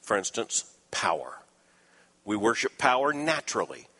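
A man's voice: fairly low pitch, very animated, moderate pace, sharp tone, in a large hall. A man preaching a sermon, explaining scripture earnestly with dry asides.

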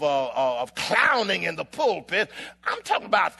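A man preaching a sermon with impassioned delivery, building to shouts and holding dramatic pauses in rhythmic, alliterative phrases. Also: high-pitched, very animated, vocal fry, slightly rough.

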